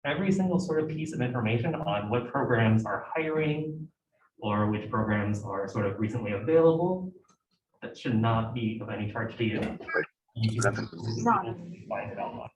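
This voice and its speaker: A man's voice: lowish voice, animated, normal speed, muffled recording, background noise. A young man giving an informal talk to a student club, conversational and full of fillers. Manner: conversational, filler-heavy, self-interrupting. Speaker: guest speaker at student club meeting. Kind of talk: informal presentation. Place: lecture room. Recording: echoey room heard from a distance.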